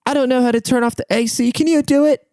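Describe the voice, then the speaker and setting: A frail, confused old woman with a British accent, pleading about her cold room in a high, drawn-out voice, as a man puts her on. She sounds lost and fretful, and the recording is dry and close. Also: steady tone, warm tone, no echo, lightly acted. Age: older. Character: confused elderly woman with dementia, complaining of cold.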